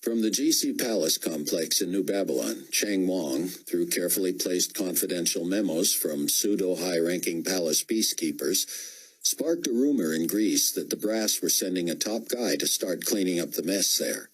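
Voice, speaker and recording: A man narrating a novel as an audiobook, with measured storytelling. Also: sits low, expressive, breathy edge, rough recording. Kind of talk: scripted narration.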